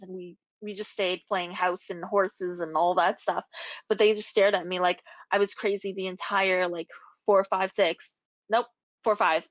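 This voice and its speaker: A young adult woman, a podcast co-host, telling a story in casual chat with animated, swearing delivery. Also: medium pitch, no room sound. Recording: dull lo-fi recording.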